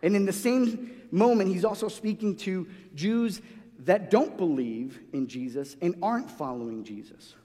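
A man's voice: high voice, expressive, a little slow, dark tone. A man preaching a sermon in a loose, conversational way, restarting phrases often and acting out the voices he quotes. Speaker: pastor. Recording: long hall reverb.

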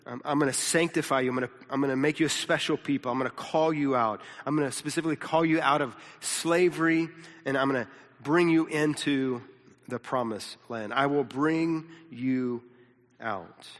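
A man's voice: mid-range voice, fairly even intonation, normal speed. A pastor teaching a sermon in a casual, conversational way, often repeating words and checking in with his listeners. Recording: long reverb of a large hall.

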